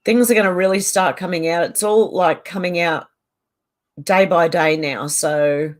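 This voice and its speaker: A woman hosts a casual live chat, reading out viewer comments and quickly agreeing or answering back. Her voice sits a little low for a woman, and she talks in a loose, easygoing way at home. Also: fairly even intonation. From Australia.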